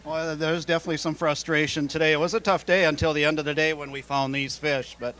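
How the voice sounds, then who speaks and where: A father who fished with his son speaks in a slightly raised voice. He describes the day in a relaxed, good-natured way. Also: a little high, quick pace. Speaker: tournament angler, father. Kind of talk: answering interview questions.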